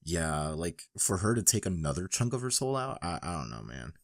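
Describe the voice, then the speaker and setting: A man's voice: deep voice, very animated, moderate pace, dry recording, clean studio sound. A man co-hosting a casual fan podcast, laid-back and rambling. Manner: laid-back, drawling, says like a lot. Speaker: podcast co-host.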